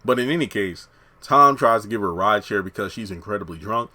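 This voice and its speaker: A man reviewing a TV episode in a casual, blunt and animated way, retelling the scenes as he goes. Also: on the low side, brisk. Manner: animated, acts out characters' lines while retelling; blunt and opinionated.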